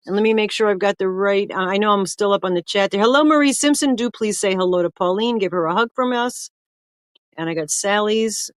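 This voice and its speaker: A woman's voice: mid-range voice, a little fast, dry recording, clean studio sound. Chatty older woman hosting a livestream. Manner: chatty, greets viewers by name, rambling. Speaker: livestream host. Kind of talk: casual livestream chat.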